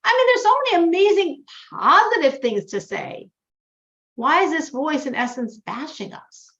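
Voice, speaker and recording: A woman teaching a religious class to a group, animated, moving between loud emphatic lines and hushed ones. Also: extremely high pitch, moderate pace, gravelly. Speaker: Torah teacher. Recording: dull, lo-fi recording.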